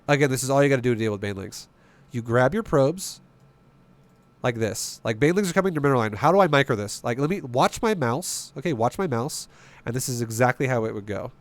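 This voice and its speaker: A man's voice: medium pitch, no echo. A man streaming and coaching a strategy game, talking bluntly and emphatically, swearing freely and firing off rhetorical questions.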